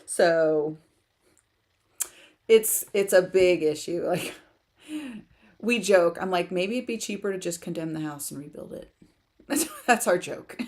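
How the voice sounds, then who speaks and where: A chatty woman hosts a relaxed livestream from her country home, laughing easily between thoughts. She reads viewer comments aloud and talks into a home computer mic. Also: on the low side, unhurried, long pauses. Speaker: livestream host for writers. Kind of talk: casual livestream chat.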